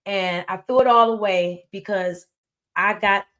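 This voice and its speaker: A woman provides casual commentary on a live stream using a streaming setup, her medium-pitched, fairly bright voice moving a little slowly. She is emphatic, repeats phrases and slides into moralizing asides.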